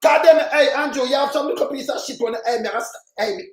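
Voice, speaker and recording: A Jamaican man hosting a heated live stream, cursing and often shouting. His voice sits very high, and the room rings with echo around him. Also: quick pace. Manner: profane, ranting, shouts often. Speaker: livestream host.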